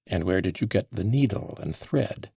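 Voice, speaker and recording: A man reading an audiobook, voicing a calm male official who questions a suspect in a measured, pointed way. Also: deep voice, gravelly, slightly rough, no echo, clean studio sound, exaggerated voice. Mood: probing.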